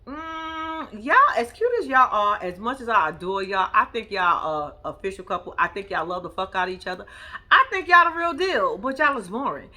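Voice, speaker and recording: A woman's voice: medium pitch, lively intonation, moderate pace, sharp tone. A woman hosting a casual reality TV recap, blunt, profane and sassy, talking straight to her viewers.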